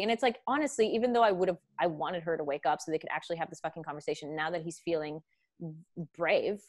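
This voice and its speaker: A woman's voice: on the low side, quick pace, darkish tone. A young woman hosting a podcast, chatting casually and animatedly, swearing often and acting out quotes. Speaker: podcast host. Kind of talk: casual chat.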